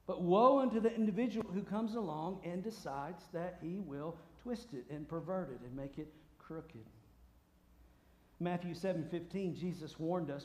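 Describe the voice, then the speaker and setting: A man preaching a sermon, swinging from booming shouts to hushed asides. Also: unhurried. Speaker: pastor. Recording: roomy echo.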